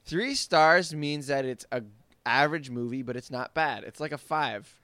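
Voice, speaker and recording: Bright, crisp-voiced joking man. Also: a little high, moderate pace, dry recording. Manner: joking, deadpan asides. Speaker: podcast co-host. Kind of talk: casual chat.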